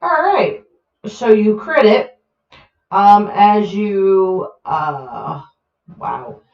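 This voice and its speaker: A woman narrating a tabletop game as game master, slow and hesitant with vivid, gory descriptions. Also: medium pitch, expressive. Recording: roomy, muffled home recording.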